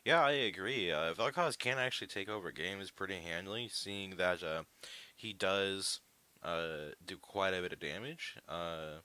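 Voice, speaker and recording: A man's voice: sits low, unhurried, sharp tone, smooth. A man giving live esports analysis, explaining picks at length with frequent "uh" fillers. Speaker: esports caster.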